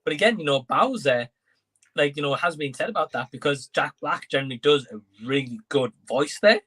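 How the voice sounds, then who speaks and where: Bright-voiced man co-hosting a stream. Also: a little high, a little fast, slightly rough. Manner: conversational, thinking aloud with fillers. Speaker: co-host of entertainment live stream. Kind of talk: casual chat.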